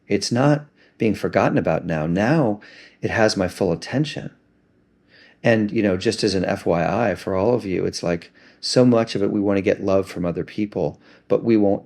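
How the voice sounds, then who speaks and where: Low voice, vocal fry, gentle reflective man, self-help talk.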